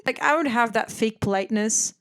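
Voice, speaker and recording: A woman in her twenties from the Netherlands, hosting a podcast in casual chat, animated and swearing freely, acting out other people's voices. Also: a little high, a little fast. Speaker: podcast host.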